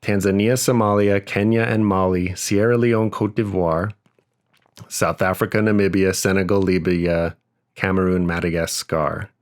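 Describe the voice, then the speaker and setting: A young man hosting a casual podcast, reciting a long list in quick half-sung rhythm. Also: sits low, steady tone. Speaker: podcast host.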